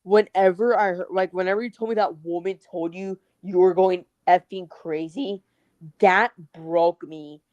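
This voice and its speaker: Low-voiced woman on a dull call. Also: fairly even intonation, a little slow, a little mellow, no room sound. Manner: emphatic, indignant, supportive.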